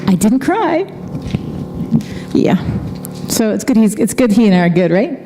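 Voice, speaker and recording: A middle-aged woman worship leader telling a heartfelt story between songs at a church concert, chatty and quick to laugh. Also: a little high, very animated, noisy background. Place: church event space.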